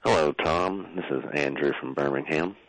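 A man with an extremely deep, gravelly voice calls in to a comedy talk show. He speaks in a calm, soothing, unhurried way, and the sound is close and dry. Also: no room sound, rough recording. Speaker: caller. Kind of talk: comedic call-in chat.

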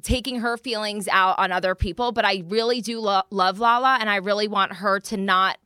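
A woman's voice: mid-range voice, steady tone, a little fast, bright, forceful tone, smooth, dry recording, studio quality. A young woman hosting a podcast in a casual chat, rambling and laughing often as she talks. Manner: giggly, rambling, frequent laughs and self-interruptions. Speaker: podcast host.

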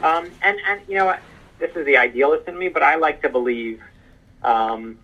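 A man being interviewed as an author on a podcast, telling stories in an animated, emphatic way over a remote call. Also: on the high side, normal speed, lo-fi sound. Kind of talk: casual interview chat.

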